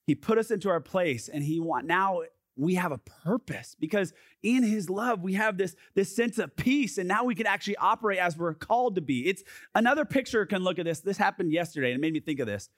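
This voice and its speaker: A man in his thirties preaching as a youth pastor, casual and lively with lots of fillers, going soft and quiet when he reads scripture. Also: high-pitched, fairly quick, no echo, studio quality. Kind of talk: sermon. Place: youth gathering.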